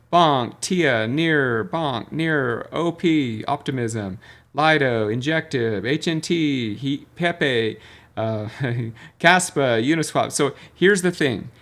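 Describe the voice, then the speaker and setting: A man teaching crypto trading over a screen share, emphatic and repetitive, with bursts of salesy excitement. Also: medium pitch.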